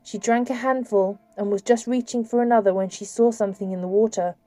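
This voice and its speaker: Woman audiobook narrator, measured and steady, mellow timbre, dry close-mic sound. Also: fairly high pitch, no echo.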